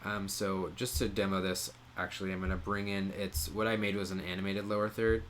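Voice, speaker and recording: A man presenting a casual software tutorial, explaining each step in a relaxed way with frequent "um" pauses. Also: low-pitched, slight background noise. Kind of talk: casual screen-share tutorial.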